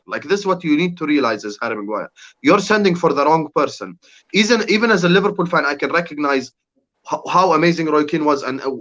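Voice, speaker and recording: A man's voice: fairly high pitch, a bit bright. Young man ranting, dull lo-fi audio. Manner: heated ranting with swearing. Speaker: podcast guest, rival fan. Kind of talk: casual podcast chat.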